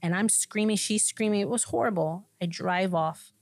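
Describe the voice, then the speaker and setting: A woman pastor sharing her personal testimony in a podcast conversation, an animated storyteller who acts out the people in her story and laughs often. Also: mid-range voice, moderate pace, dry recording. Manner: laughs often between lines.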